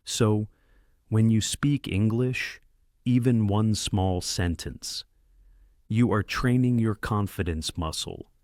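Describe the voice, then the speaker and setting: A man hosting a podcast, giving a slow, clear, scripted English lesson to beginners in a deliberate, encouraging way that speaks straight to the listener. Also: on the low side, darkish tone, no room sound, clean studio sound. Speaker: podcast host and English teacher.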